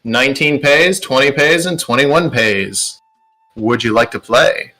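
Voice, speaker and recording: A man voicing a calm, shady male card dealer who speaks smoothly and courteously. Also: mid-range voice, unhurried, soft background music.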